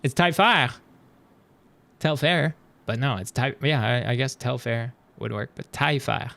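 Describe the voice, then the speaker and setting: A man streaming live, chatting casually with his viewers as he reacts to videos, animated and swearing freely. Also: mid-range voice, moderate pace, gravelly.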